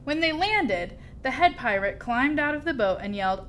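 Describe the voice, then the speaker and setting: Woman, storybook reading, bright high voice, animated, faint rumble behind. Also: normal speed. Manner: expressive, lively storytelling. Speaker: storybook reader. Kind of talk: children's story read aloud.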